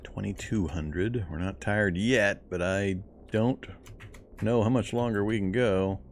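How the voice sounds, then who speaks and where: A man's voice: fairly low pitch, a little slow, slight background noise. A man talking to himself while playing a game, chatty and laughing often as he comments. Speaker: gameplay commentator. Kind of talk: casual let's-play commentary.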